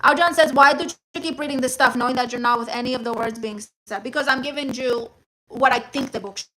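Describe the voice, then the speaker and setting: A woman's voice: sits high, fast, pushed and bright, a little hiss or hum. A woman playing a brash, self-assured woman who sassily mocks advice and chat while dropping Spanish words. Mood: sassy, scornful. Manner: sassy, scornful, interjects Spanish words. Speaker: livestream comedy host reading chat and a self-help book. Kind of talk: live-streamed character comedy.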